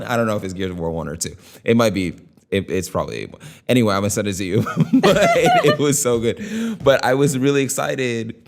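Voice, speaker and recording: A man co-hosting a podcast, chatting excitably, laughing often and swearing casually. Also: on the low side, fairly quick, creaky. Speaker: podcast co-host. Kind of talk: casual chat.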